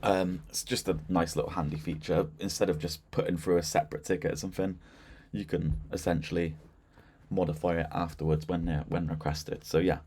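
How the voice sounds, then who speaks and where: A man giving a casual, chatty walkthrough of a software system, with lots of fillers and a relaxed, informal delivery. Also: low voice, a little fast, husky. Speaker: software demonstrator. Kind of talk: casual screen-share product walkthrough.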